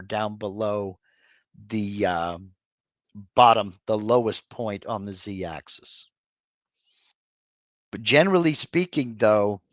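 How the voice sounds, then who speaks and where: A man's voice: on the low side, no echo, dull audio. A man hosting a live Q&A stream, answering viewer questions off the cuff with many fillers and restarts. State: has hiccups.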